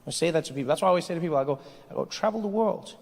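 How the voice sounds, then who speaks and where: A man performing a stand-up comedy routine on stage, an animated storyteller who leaps into character voices. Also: a little high, rapid-fire. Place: comedy stage before a live audience. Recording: echoey venue with faint noise.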